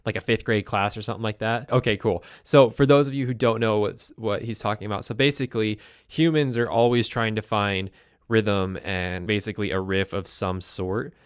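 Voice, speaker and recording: Low-voiced host rambling through a dry explanation. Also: male voice, steady tone, moderate pace, clear, resonant tone, no echo. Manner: rambling, digressive explanations with self-corrections. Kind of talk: casual teaching chat.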